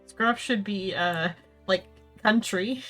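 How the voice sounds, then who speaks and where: A woman's voice: mid-range voice, takes it slowly, fairly bright tone, faint music behind. A woman narrating a tabletop game as game master, giggly and teasing.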